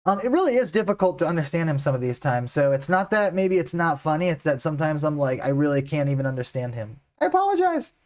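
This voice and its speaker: A man's voice: fairly high pitch, animated, quick pace, few pauses. An American man chatting casually as he reacts to a comedy clip, laughing often and saying "like" a lot. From United States. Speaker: reaction video host.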